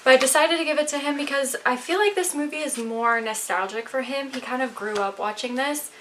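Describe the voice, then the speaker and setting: A young adult woman showing off her recent purchases in a casual vlog at home, chatty and excitable, a little out of breath. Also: sits high, brisk, a little hiss or hum. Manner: chatty, excitable, rambling with fillers. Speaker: vlogger. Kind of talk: casual show-and-tell haul video. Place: home, indoors.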